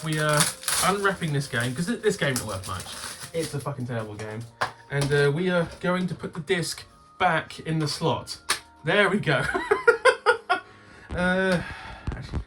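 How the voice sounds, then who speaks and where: Lively man swearing casually. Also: medium pitch. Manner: swears freely, bursts into loud laughter. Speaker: game collector channel host. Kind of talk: casual unboxing chat.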